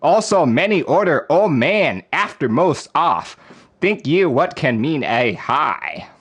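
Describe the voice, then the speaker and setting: A man's voice: a little high, big pitch swings, a bit bright, slightly rough, voice pushed up, full character voice. A man putting on a put-on Southern US accent to read nonsense words as dramatic spoken word. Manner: dramatic, halting, raised voice.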